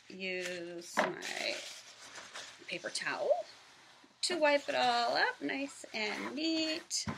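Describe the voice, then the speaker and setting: A woman's voice: lowish voice, gravelly, background noise. A woman from the American South giving a chatty, casual craft tutorial in her home office, narrating each step with self-deprecating asides. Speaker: craft vlogger.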